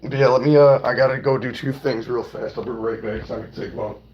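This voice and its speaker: A young man with a hoarse, worn-out voice, chatting loosely and profanely on a livestream and greeting viewers by name. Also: medium pitch, steady tone, quick pace. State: hoarse, voice nearly gone. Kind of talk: casual livestream chat. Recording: dull lo-fi stream audio.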